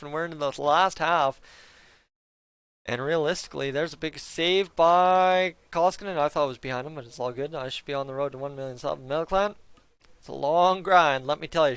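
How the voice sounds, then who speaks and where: A man hosting a live fan reaction stream, excitable and chatty, sometimes counting down the clock in an auctioneer patter. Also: a little high, smooth, no room sound.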